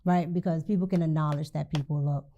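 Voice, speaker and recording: A woman's voice: deep voice, fairly even intonation, quick pace, mellow, lo-fi sound. A woman speaking casually in a played clip, hesitant, with fillers. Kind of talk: casual talk.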